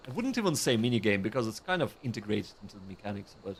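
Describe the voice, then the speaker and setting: A man's voice: fairly low pitch, sing-song, quick pace, a little hiss or hum. A man giving casual, chatty commentary on his own gameplay, self-deprecating and prone to restarts. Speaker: streamer.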